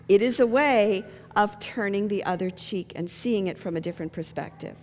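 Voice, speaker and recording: A woman pastor giving a sermon, telling funny stories and jokes in a lively storytelling manner. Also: medium pitch. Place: church sanctuary. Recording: long reverb of a church hall.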